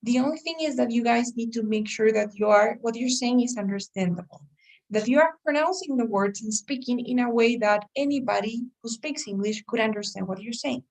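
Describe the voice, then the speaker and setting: A woman teaches an English test-prep class, explaining patiently and frequently checking in with her students. Her fairly high, slightly mellow voice moves briskly and sounds a little far from the mic.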